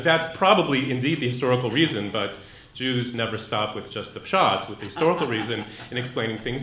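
A man's voice: mid-range voice, bright, forceful tone. A man giving a live lecture to an audience in a room. He talks thoughtfully, with many fillers and restarts. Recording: echoey room.

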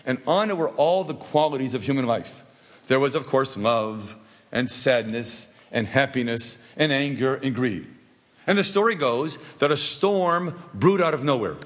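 Husky man telling a jokey teaching story. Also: a little high, a bit bright. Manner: asks the audience rhetorical questions; jokey, anecdotal. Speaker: rabbi teaching a class. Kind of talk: storytelling lesson.

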